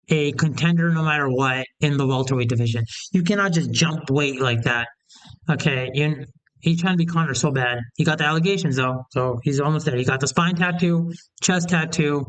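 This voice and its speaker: Young male commentator, slightly high smooth voice, opinionated rambling rant. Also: a bit bright, low-quality recording. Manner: opinionated, heated, rambling with restarts. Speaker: MMA commentator. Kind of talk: casual opinion rant to camera.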